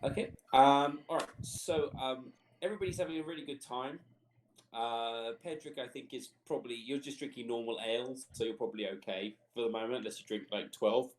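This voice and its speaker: A man's voice: mid-range voice, fairly even intonation, fairly quick, roomy sound, low-quality recording. A man narrating as game master in a rambling, chuckling way, full of fillers.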